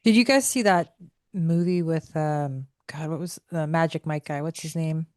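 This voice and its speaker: Relaxed woman hosting a chat podcast. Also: sits low, moderate pace, dry recording, studio quality. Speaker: podcast host. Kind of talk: casual group chat.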